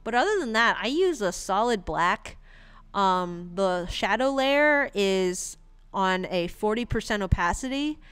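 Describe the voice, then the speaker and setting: A woman's voice: mid-range voice, expressive, a little slow, a bit bright, clear, resonant tone. A woman streaming her comic art, chatting casually in a rambling, giggly way. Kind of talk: casual livestream commentary.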